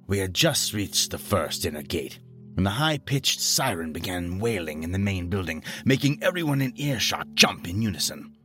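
A man reading a scripted horror story in a steady, grave storytelling manner. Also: deep voice, moderate pace, faint music behind. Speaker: narrator.

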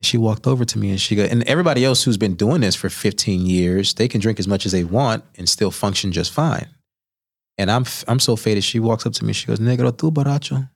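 A man's voice: on the low side, brisk, creaky. A man, a chef and interview guest, telling stories in a podcast studio and acting out the people he quotes. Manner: animated storyteller who acts out quoted voices. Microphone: studio microphone.

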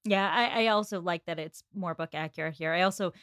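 A woman in a casual podcast discussion who adds quick conversational comments. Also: lowish voice, a bit bright, dry recording, clean studio sound.

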